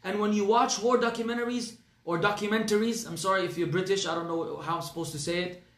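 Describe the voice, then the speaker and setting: A man's voice: high voice, fairly even intonation, quick pace, a bit bright, echoey room. A man with an Arabic accent teaching a religious class, speaking earnestly and emphatically, often repeating his phrases. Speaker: Islamic teacher.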